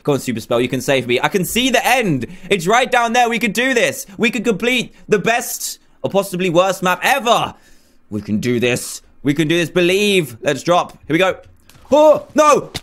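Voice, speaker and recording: A young man giving excitable, dramatic running commentary as he plays a video game. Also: sits high, normal speed. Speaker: gaming YouTuber. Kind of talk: Let's Play commentary.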